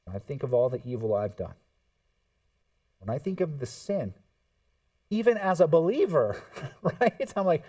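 A man preaching a sermon in a mellow, dark voice that sits a little high. He is heard from some distance off the microphone. His delivery swings between hushed reflection and emphatic bursts, and he acts out quoted speech as he goes. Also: sing-song, moderate pace, pauses often. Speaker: pastor.

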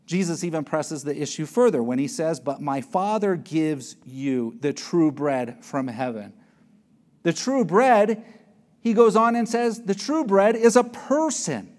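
A male preacher delivering a sermon in a fairly high voice. He reads verses aloud and then explains them, leaning hard on key words and letting his pitch and volume rise to drive each point home. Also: animated, unhurried. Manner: emphatic, varies pitch and loudness for stress.

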